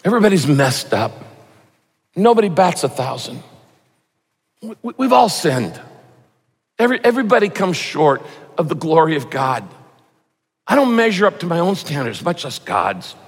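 A man preaching a sermon with an easy, humorous delivery and a slightly raised pitch. He drops into little acted voices to make his points. His voice carries a long reverb from a large hall. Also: sing-song, moderate pace, pauses often, breathy edge. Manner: conversational and humorous, mimics voices for emphasis. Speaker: pastor.

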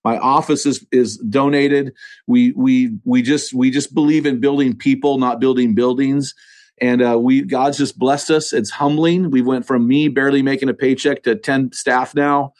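An American man speaks with earnest, preacher-like conviction, his voice sitting at an ordinary middle pitch. He restarts phrases often and leans hard into his points. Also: steady tone, moderate pace, a little mellow. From United States. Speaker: podcast host and author, interview guest. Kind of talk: conversational interview. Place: church studio office.

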